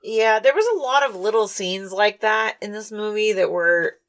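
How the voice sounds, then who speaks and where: A woman's voice: medium pitch, fairly bright tone. A woman co-hosting a podcast, chatting wryly about a film and acting out the characters' lines. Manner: chatty, wry, acts out characters' lines in quick voices. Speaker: podcast co-host. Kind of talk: casual chat recapping a film. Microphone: studio microphone.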